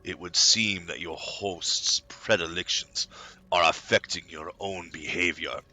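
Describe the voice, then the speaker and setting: A man's voice: deep voice, bright, forceful tone, faint music behind, voice pushed down, full character voice. A man putting on a cold, stiff otherworldly overlord. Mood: cold, stern. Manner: stiff, formal and deliberate with an affected accent. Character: cold commanding otherworldly overlord writing a letter. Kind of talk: reading an in-game letter aloud in a voice.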